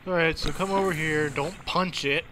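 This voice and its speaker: A man's voice: fairly high pitch, fairly even intonation, moderate pace, very noisy. A man giving casual let's play commentary, crude and joking and swearing freely.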